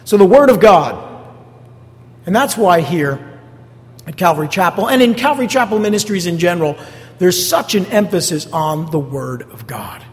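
A male pastor with a high-sitting voice preaches a sermon at normal speed, his intonation lively. He is emphatic, repeats key phrases, and poses rhetorical questions to the congregation. The church sanctuary gives the recording a long hall reverb.

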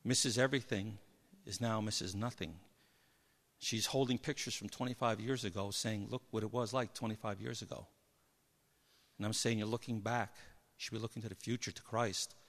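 A man preaching a sermon, telling Bible stories with lively energy and acting out the people in them. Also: lowish voice, normal speed. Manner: animated storytelling, acts out Bible figures. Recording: long hall reverb.

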